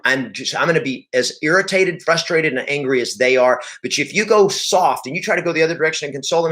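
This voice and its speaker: A man's voice: a little high, animated, fast, few pauses, fairly bright tone. A man coaching real estate agents, emphatic and repeating his points, acting out the talk with clients. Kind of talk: motivational sales training talk.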